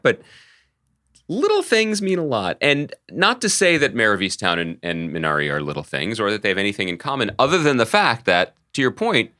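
Wry, lively low-voiced man. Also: dry recording, studio quality. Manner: teasing, wry, lively banter. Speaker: podcast co-host. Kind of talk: casual chat.

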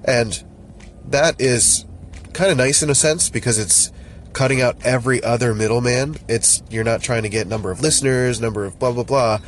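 A man's voice: mid-range voice, normal speed, slight background noise. A man hosting a casual solo podcast, rambling and joking with lots of fillers and restarts. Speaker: podcast host.

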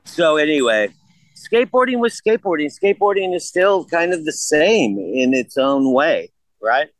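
A man's voice: a little high, big pitch swings, normal speed, dry recording, rough recording. An older man in a casual interview, blunt and profane, rambling through stories. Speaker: guest.

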